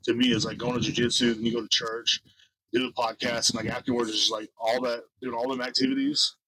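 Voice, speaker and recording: A man's voice: mid-range voice, fast, over a noisy crowd, low-quality recording. A young man co-hosting a podcast outdoors, chatting casually and rambling into stories. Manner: rambling storyteller, animated when retelling. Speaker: podcast co-host. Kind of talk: casual chat.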